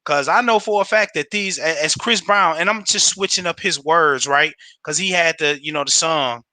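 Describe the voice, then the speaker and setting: A man giving a casual, slangy pep talk on a livestream, animated and laughing often. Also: on the high side, moderate pace, no echo. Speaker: home business promoter on a livestream.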